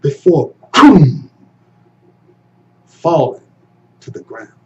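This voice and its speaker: A man telling a folktale as a storyteller, dramatic and expressive, moving between hushed and loud passages. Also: fairly high pitch, extremely slow. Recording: dull, slightly distant recording with faint hum.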